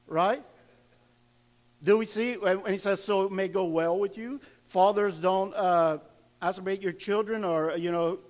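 Preaching conversationally, a high-voiced pastor keeps asking his congregation questions. He often says words twice as his sermon unfolds.

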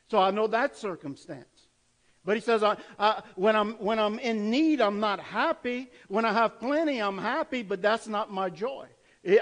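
A man with a notably high voice delivers a sermon. He talks to his listeners in an earnest, conversational way and keeps posing rhetorical questions. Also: rough recording. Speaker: pastor.

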